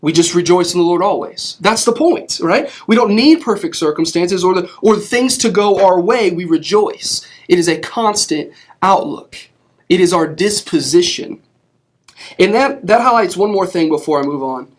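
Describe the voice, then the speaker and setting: High-voiced young man preaching casually. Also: animated, moderate pace. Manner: conversational, many restarts, asks "right?". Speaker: youth preacher. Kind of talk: casual sermon.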